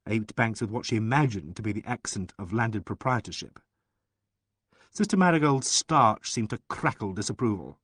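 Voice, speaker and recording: A man reading a mystery audiobook aloud in an expressive, animated narration. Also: lowish voice, normal speed, breathy edge, dry recording, studio quality.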